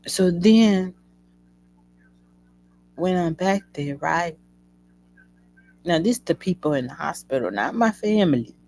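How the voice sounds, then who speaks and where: Slow, gravelly woman telling a personal story. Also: on the low side, rough recording. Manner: emotional, animated retelling addressing listeners as y'all. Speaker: host.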